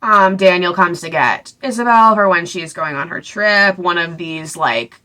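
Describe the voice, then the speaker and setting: Young female vlogger, bright tone, rambling, sarcastic book summary. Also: lowish voice, measured pace. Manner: rambling, filler-heavy, sarcastic asides. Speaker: book reviewer. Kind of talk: casual book recap.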